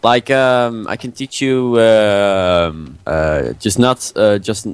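Dutch-accented young man, halting speech. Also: on the low side, clear, resonant tone, no echo. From Netherlands. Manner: hesitant English with many uhs. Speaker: gaming YouTuber guest. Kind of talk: casual gaming chat.

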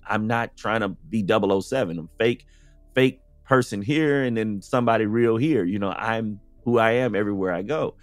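A man's voice: mid-range voice, no echo. A man from the United States, a podcast guest, speaking in a casual, earnest conversational way and often saying "you know".

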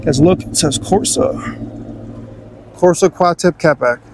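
A man's voice: fairly high pitch, a little slow, noisy background. A young man hosting a car channel, giving an easygoing, chatty walkthrough of his car's features.

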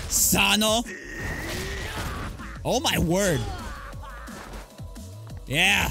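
A man's voice: on the high side, sing-song, a little slow, long pauses, music in the background. A man streamer chatting casually over gameplay, reading item names aloud and joking about the game.

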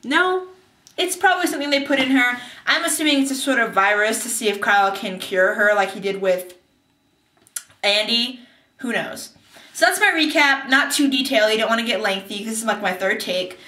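A bubbly young woman chats through a TV episode recap, acting out scenes in silly voices. Her voice sits high and bright. It rings in an echoey bathroom. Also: lively intonation, fairly quick, distant mic. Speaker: TV recap vlogger. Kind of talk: casual TV recap vlog. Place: bathtub.

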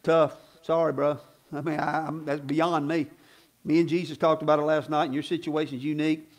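A male preacher putting on the voice of an offhand man who casually brushes off someone's plea, low and muttered with casual slang. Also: level tone, fairly quick, natural voice. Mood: dismissive.

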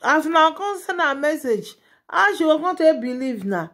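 A woman's voice: high-pitched, very animated, normal speed, a bit bright. A woman with a Nigerian Pidgin accent giving chatty, exclamatory gossip commentary straight to her viewers as a vlogger.

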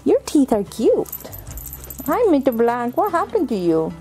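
A middle-aged woman cooing at her baby goats in a farm pen, her voice mellow and dark-toned, rising and falling a lot as she talks slowly and tenderly. Soft music plays faintly behind her. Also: high-pitched, very animated, poor audio. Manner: cooing, affectionate baby talk. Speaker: homesteader vlogger. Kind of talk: casual talk to baby goats.

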